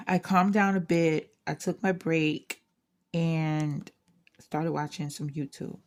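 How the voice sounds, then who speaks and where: A woman hosting a craft channel, chatting casually and venting candidly, rambling with frequent restarts. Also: sits low. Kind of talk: casual chat.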